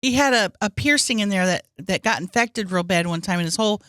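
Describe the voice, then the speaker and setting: A woman's voice: mid-range voice, brisk, a bit bright, no room sound, studio quality, close to an everyday voice. A woman playing an earnest, naive client who begs a psychic to reach her dead father, in an improvised comedy sketch. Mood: fond. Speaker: podcast co-host.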